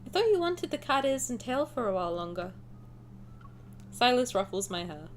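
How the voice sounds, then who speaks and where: A young woman streaming a game who reads the story aloud and gushes between lines. Her voice sits fairly high and swings widely, and she giggles often. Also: normal speed, a little hiss or hum. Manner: giggly, animated, gushing. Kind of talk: reading game text aloud and chatting.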